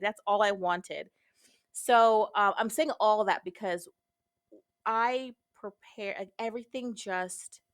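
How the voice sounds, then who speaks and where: A woman's voice: mid-range voice, no room sound, clean studio sound. A woman guest on a podcast telling a personal story frankly and expressively, casually swearing and acting out her own past thoughts.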